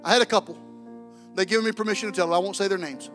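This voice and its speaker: Pastor, high tenor, swings from shouting to hushed in the sermon. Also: male voice.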